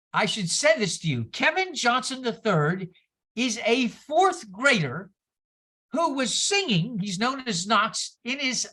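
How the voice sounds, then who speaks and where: A woman minister giving a sermon, telling stories in an animated way with exclamations and asides to the congregation. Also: on the high side. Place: church service.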